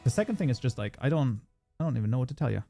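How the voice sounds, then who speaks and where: A man's voice: medium pitch, big pitch swings, very fast, creaky, dark tone, faint music behind. A man with a German accent, originally from Germany, hosting a casual livestream tutorial. He chats as he works, reading viewer messages aloud and answering them. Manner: chatty, reads viewer chat aloud and answers it. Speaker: modding streamer.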